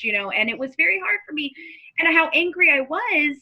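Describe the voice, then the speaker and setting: A woman hosting a true crime podcast, telling personal stories in an animated way and acting out other people's voices. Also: sits high, fairly quick, low-quality recording. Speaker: podcast host.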